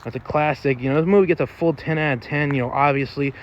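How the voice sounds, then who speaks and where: A man's voice: fairly high pitch, steady tone, fast, muffled recording, slight background noise. A man rambling through a casual, off-the-cuff movie review, full of fillers and loose swearing.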